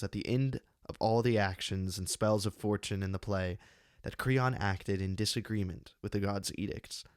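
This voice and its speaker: A man reading his own essay on a classic play, measured and deliberate, with slow emphatic pauses, close to a studio microphone. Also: lowish voice, no echo. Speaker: channel host giving a literary analysis.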